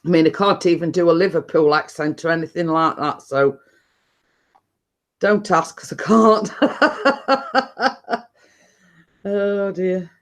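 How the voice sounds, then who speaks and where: A woman's voice: lowish voice, takes it slowly, pauses often. A middle-aged woman talks casually to her viewers, reading names from the chat. She laughs often and trips over her words, restarting her sentences as she goes. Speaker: live stream host reading chat.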